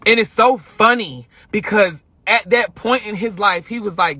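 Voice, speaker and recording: A man's voice: high voice, unhurried, hardly any pauses, pushed and bright, breathy edge, dry recording. A man talking on a phone live stream from a car, heartfelt and rambling, often repeating himself. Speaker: vlogger. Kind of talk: emotional live-stream monologue.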